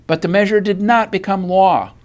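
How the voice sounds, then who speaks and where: A man with a notably high voice reads a scripted news bulletin. His delivery is measured and even, the steady cadence of a newsreader working from a prepared script. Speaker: news reader.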